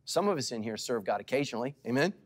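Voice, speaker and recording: A middle-aged male pastor preaching to a congregation, swinging from loud calls to hushed asides and asking for responses. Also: medium pitch, lively intonation, quick pace. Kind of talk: sermon.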